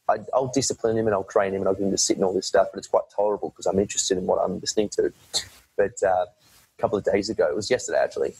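Husky low-voiced man chatting. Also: a little mellow, low-quality recording. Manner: rambling, self-correcting, swears casually. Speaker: podcast guest. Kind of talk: casual conversation.

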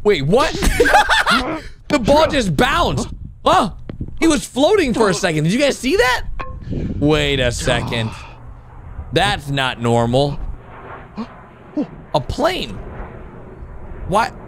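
Excitable high-voiced man reacting loudly. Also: noisy background. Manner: excitable, exclamatory, talks straight to viewers. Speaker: reaction video host. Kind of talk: casual commentary reacting to animations.

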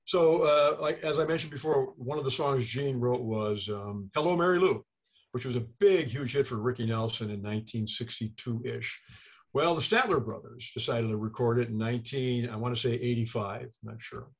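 An older man recounts an anecdote in a rambling, self-deprecating way and acts out the voices of the people he quotes. His voice is husky and of middle pitch. The remote recording sounds dull and lo-fi. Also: steady tone, moderate pace. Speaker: author and interview guest. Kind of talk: casual storytelling.

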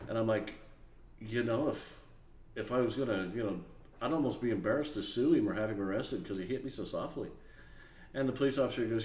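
A man's voice: on the low side, brisk, reverberant. A man telling a funny story, acting out the voices of the people in it. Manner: animated, acts out voices and laughs while telling. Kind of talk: casual storytelling.

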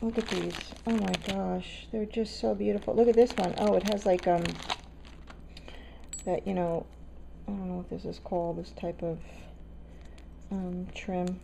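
A woman's voice: fairly low pitch, level tone, a little slow, creaky, long pauses, background noise. A woman chatting to camera as she unboxes a gift, gushing and gasping, repeating her exclamations. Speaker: craft vlogger opening a swap box. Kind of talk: excited unboxing chat to camera.

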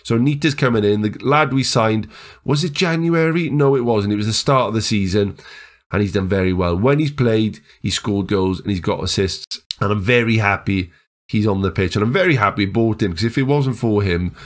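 A man commentating his own football management game, chatty and building to excited shouts at the screen. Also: lowish voice, normal speed. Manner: excitable, yelling at the screen during big moments. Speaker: gaming YouTuber.

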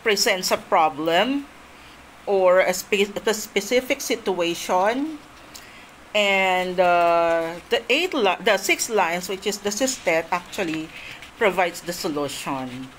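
Give me a woman from the Philippines lecturing slowly on poetry, explaining step by step with a slightly low voice. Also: animated, slight background noise, poor audio. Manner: explains step by step, repeats points, frequent fillers.

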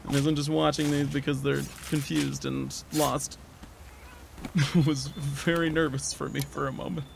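A man streaming a game, commentating live with excitable, profane trash talk at the monster he fights. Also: on the high side, unhurried, vocal fry. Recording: loud background noise.

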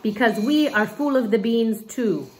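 A woman's voice: a little high, measured pace, darkish tone, slight background noise, pitched above the performer's own voice, close to an everyday voice. A woman voicing a tiny laid-back male chihuahua, talking in a casual, slangy way. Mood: chatty.

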